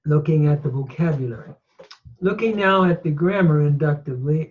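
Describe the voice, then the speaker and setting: A man teaching Hebrew grammar from scripture, speaking slowly and deliberately and pausing over each word and its form. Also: a little high. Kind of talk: slow, deliberate recorded lecture. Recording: dull lo-fi recording.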